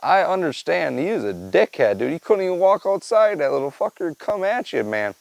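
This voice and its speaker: A podcast host with a fairly high, gravelly voice talks quickly and very animatedly in a casual storytelling chat. He rambles, swears, and stays laid-back, tossing "man" and "dude" onto his sentences. The recording is rough, with no room sound.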